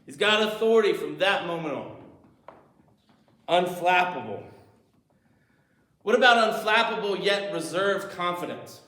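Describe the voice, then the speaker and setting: A man's voice: high-pitched, lively intonation, measured pace, pauses often, pushed and bright. A male pastor preaching a sermon in a church, telling stories and acting out movie scenes as he goes. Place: church sanctuary. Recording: echoey church room.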